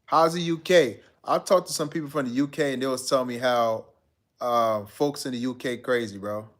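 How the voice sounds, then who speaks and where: A man talks to his live-stream viewers in a relaxed, slangy way. He reads out their comments and answers them directly. His voice sits at an ordinary middle pitch. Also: moderate pace. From United States. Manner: laid-back, slangy, talks straight to viewers.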